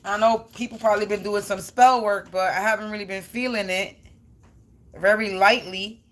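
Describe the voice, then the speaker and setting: A woman's voice: mid-range voice, steady tone, moderate pace. A woman tarot reader chatting to her viewers in a blunt, slangy, rambling way, swearing freely. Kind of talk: casual rambling chat to viewers.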